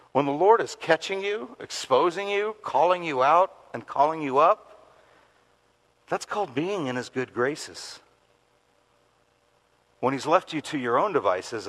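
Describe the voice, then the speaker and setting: A middle-aged male pastor preaching a sermon, telling a story with lively laughter and acted-out quotes. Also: medium pitch, rough recording. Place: church gathering in a community center.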